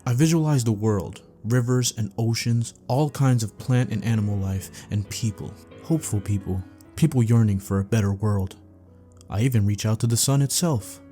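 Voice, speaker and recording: A man calmly narrating a first-person dream story for sleeping, in a steady, low-key way. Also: normal speed. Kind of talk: calm bedtime story reading. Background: faint background music.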